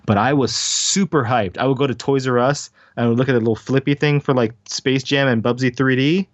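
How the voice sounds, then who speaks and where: A man of mid pitch bantering in casual conversation, quick with jokes and swearing. His voice comes through dry and slightly dull, with no room sound. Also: steady tone, no echo. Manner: joking, profane banter. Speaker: interviewer. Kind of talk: casual chat.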